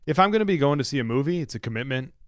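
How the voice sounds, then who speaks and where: A man on a podcast panel, making wry deadpan quips. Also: mid-range voice, racing, no room sound, studio quality. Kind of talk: casual group chat.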